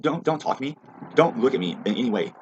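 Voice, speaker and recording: A man's voice: medium pitch, animated, fast talker. A man ranting angrily in a rambling, profane, agitated way, in a muffled lo-fi recording. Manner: agitated, rambling, heavy swearing. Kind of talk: angry profane rant. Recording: muffled lo-fi with faint hiss.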